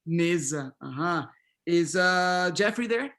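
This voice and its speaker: The instructor, a middle-aged man, has a high voice with a fairly bright tone, and he is animated yet slow-paced. He leads a pronunciation workshop online via video call, calling on students and echoing their words with plenty of affirmation.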